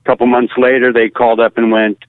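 A man's voice: mid-range voice, fast talker, no room sound. Blunt older man on a tinny line. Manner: blunt, animated, acts out quotes. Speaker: animator guest. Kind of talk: candid anecdotal storytelling.

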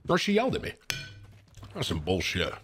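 Lively bright-voiced male streamer. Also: low voice, fairly quick, a little hiss or hum. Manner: excitable, talks while eating. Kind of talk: casual gameplay commentary.

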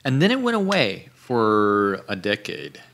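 A man co-hosting a podcast in casual chat, halting and restarting as he thinks aloud. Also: on the low side, wildly swooping pitch, gravelly, a bit bright. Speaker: podcast co-host.

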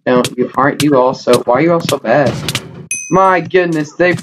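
Young man excitedly narrating a game. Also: fairly high pitch, moderate pace. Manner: excitable, self-mocking, exclaims often. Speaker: gaming YouTuber. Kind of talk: live gameplay commentary. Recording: noisy home recording with mouse clicks.

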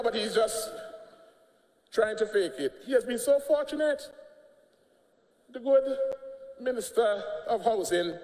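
An older man with an Antiguan accent giving a combative, mocking speech in parliament. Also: very high voice. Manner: combative, mocking, laughing jabs. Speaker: politician speaking in parliament. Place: parliament chamber. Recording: echoey chamber, long reverb.

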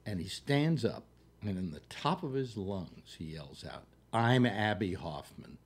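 A man's voice: low-pitched, very animated, husky. An older man hosting a talk show, telling rambling anecdotes with many fillers and restarts. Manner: halting, full of fillers and restarts. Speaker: radio talk show host.

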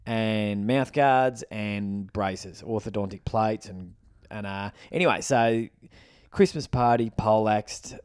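A man's voice: on the low side, slow pace, a little mellow, smooth, no echo, clean studio sound. A middle-aged Australian man, co-hosting a podcast, telling a long rambling story with lots of swearing. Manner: rambling anecdotes, swears freely. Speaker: podcast co-host. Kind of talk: casual storytelling chat.

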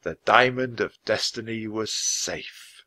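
A man reading a children's book aloud in an expressive, clear, measured way. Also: lowish voice. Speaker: storybook reader.

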